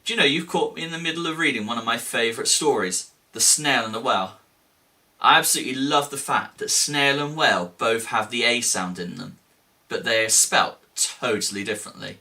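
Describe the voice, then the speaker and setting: A man's voice: mid-range voice, brisk. A man teaching a children's phonics lesson, sounding out letters with big gasps. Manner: animated, exaggerated gasps and sing-song letter sounds.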